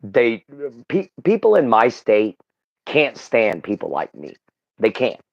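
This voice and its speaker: A man's voice: lowish voice, huge pitch swings, slow, vocal fry, dull audio. Texan man chatting in earnest. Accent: Southern US, Texan. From Southeast Texas. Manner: rambling, earnest, with frequent fillers and restarts. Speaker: livestream guest. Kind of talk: casual chat.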